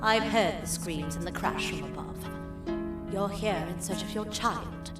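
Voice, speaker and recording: A woman's voice: medium pitch, a little slow, recorded from a distance, lightly acted. A woman voicing a composed, regal kangaroo queen in a video game. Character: regal female kangaroo queen, worried parent. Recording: roomy game audio over loud harp music.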